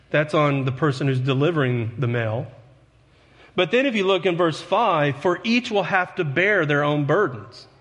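A man's voice: fairly high pitch, fairly bright tone. A man preaching as a pastor, earnest and conversational, with self-deprecating asides to his congregation. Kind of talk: sermon. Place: church sanctuary. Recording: long hall reverb.

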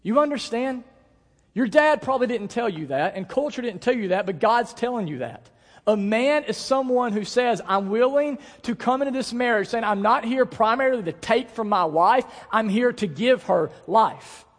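With an extremely high pitch and lively intonation, a male pastor in his thirties delivers an earnest sermon full of emphasis and playful story asides. He slows on key words for stress, and the sanctuary adds a long hall reverb.

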